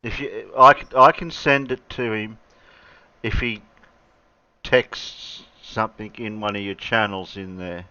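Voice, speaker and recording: A man with an Australian accent hosting a casual livestream chat, relaxed and chuckling, often tripping over his words. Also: fairly low pitch, a little slow, smooth, no echo, highs cut off. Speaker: livestream host.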